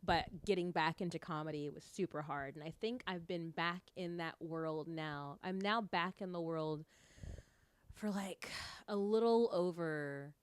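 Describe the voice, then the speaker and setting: A woman's voice: on the low side, measured pace, clear, resonant tone. A woman guest on a podcast, a stand-up comedian, talking casually and rambling with lots of fillers.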